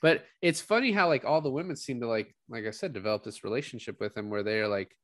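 A man's voice: mid-range voice, fast talker, no echo, clean studio sound. A man in a casual film discussion, retelling scenes and acting out the characters' lines. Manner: animated retelling, acts out quotes.

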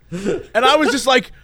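A man with a high, lively voice tells a story in a casual chat. He laughs often and acts out each person in it. The sound is dry and close. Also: dry recording. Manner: animated, laughing, acting out the people in his story.

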